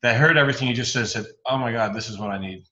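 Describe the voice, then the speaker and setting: A man hosting a podcast interview, asking probing questions in an animated way and playing devil's advocate. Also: medium pitch, very fast, reverberant, highs cut off. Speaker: podcast host.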